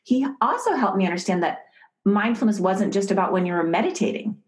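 A middle-aged woman from the United States, an author and professor, explaining ideas calmly as a podcast guest. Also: mid-range voice, poor audio. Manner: calm, measured teaching. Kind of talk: podcast interview, storytelling.

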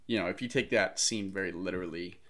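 A man's voice: low voice, quick pace, a bit bright. A man co-hosting a podcast, casually talking through a film and picking apart its plot details. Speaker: podcast co-host. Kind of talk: casual movie discussion.

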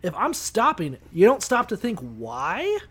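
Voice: medium pitch, huge pitch swings, measured pace, fairly bright tone, breathy edge, heavily acted. A podcast host voicing an exasperated, foul-mouthed talking donkey that shrieks and pleads in crude slang. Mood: indignant.

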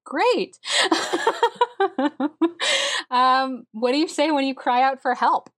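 A woman's voice: sits high, lively intonation, drawn-out words, fairly bright tone. A woman running a tabletop role-playing game, narrating descriptively with many fillers. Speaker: game master.

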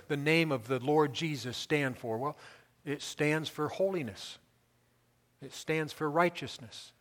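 High-voiced preaching man in a hall. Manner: emphatic preaching, building lists to loud peaks. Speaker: pastor. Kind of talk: sermon.

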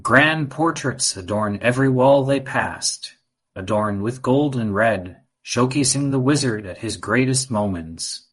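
A man narrating a children's adventure story in an even, measured reading. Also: mid-range voice, husky.

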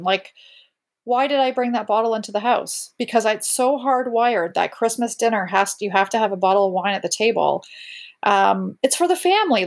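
A woman in her thirties speaks as a guest in a casual conversation, at an ordinary pitch. Her talk is candid and rambling, full of restarts and breaks in mid-sentence. She tells it plainly, as personal talk. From Canada. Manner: candid, rambling, self-interrupting.

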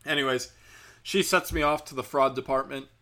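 A man's voice: medium pitch, fairly even intonation, normal speed, bright, forceful tone. A man telling a rambling comic story, sarcastic and profane. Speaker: comedian. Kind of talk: comedic storytelling.

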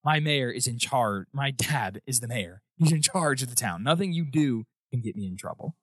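A man voicing a sneering, arrogant young bully who is the mayor's son, talking low and taunting. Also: animated, moderate pace, breathy edge, dry recording. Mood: dismissive. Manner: smug, taunting, low and quiet.

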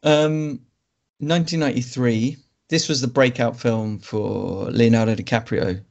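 Male podcast co-host, measured and wry, talks through film plots. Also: mid-range voice, fairly even intonation, vocal fry, darkish tone, lo-fi sound. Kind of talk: casual film chat and plot summary.

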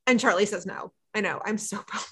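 A woman co-hosting a casual podcast, retelling a TV episode in animated chat and acting out the dialogue. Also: mid-range voice, brisk, slightly rough. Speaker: podcast co-host.

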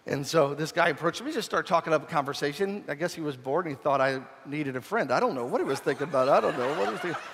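A man with a fairly high voice preaches from the pulpit as a pastor, in a relaxed and humorous storytelling manner. His self-deprecating asides keep it conversational, and his voice rings out with a long reverb in a large church hall. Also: fast talker, hardly any pauses. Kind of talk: storytelling sermon.

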